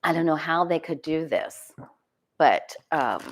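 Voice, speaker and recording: A woman's voice: low-pitched, expressive, a little slow, slight background noise. A woman doing a casual solo tarot reading, thinking aloud, asking herself questions and restarting her sentences. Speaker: tarot reader.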